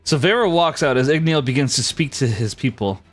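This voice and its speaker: Man narrating as game master, lively voice. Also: mid-range voice, brisk, faint music behind. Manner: loose narration with many fillers.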